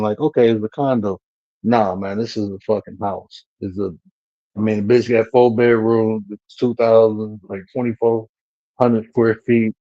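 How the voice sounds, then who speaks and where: A man's voice: fairly low pitch, dark tone, no room sound. Guy spinning a wild story with lots of slang, dry close sound, kinda muffled. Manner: loose, profane storytelling with slang. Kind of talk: casual storytelling on a live panel stream.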